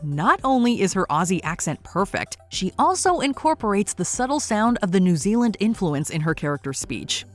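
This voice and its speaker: A woman's voice: medium pitch, normal speed, hardly any pauses, faint music behind. A woman reading a scripted countdown narration in an upbeat manner. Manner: upbeat, lively delivery.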